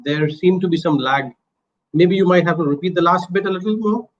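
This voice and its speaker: A man's voice: high voice, a little fast. A man moderating an online talk, polite and hesitant, with many fillers. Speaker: host, moderator. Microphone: video call. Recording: dull lo-fi call with faint noise.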